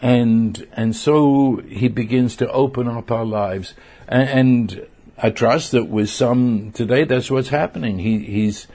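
Delivering a sermon in a darkish, husky mid-range voice, this man speaks with earnest hesitation. He frequently repeats words as he hunts for what to say.

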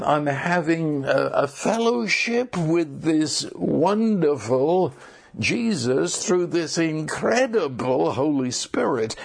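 A man preaching a sermon, halting and repeating words, with sudden bursts of excited emphasis. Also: a little high, vocal fry.

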